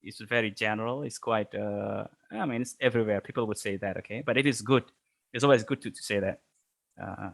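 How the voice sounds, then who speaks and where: A man teaching an online English class, halting, with many fillers and restarts and frequent chuckles. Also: lowish voice, vocal fry, fairly bright tone.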